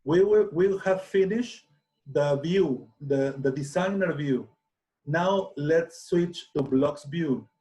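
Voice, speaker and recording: Slow, hesitant man teaching. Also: a little high, mellow. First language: Spanish. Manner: slow, hesitant, many restarts and fillers. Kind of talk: software tutorial screencast.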